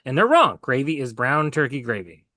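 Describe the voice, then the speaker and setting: A man from North Jersey, co-hosting a podcast and chiming in with calm, matter-of-fact remarks. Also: medium pitch, normal speed, no echo, clean studio sound. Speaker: podcast co-host. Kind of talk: casual podcast banter.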